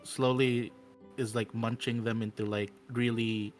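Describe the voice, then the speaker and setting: A man's voice: medium pitch, level tone, measured pace, faint music behind. Hesitant man describing his character. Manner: hesitant, lots of fillers. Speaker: player.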